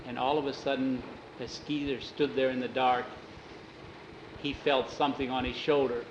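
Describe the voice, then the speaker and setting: A man's voice: mid-range voice, level tone, moderate pace, reverberant, highs cut off, background noise. Man telling a spooky story. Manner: repeats "he says" between quotes. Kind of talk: oral storytelling.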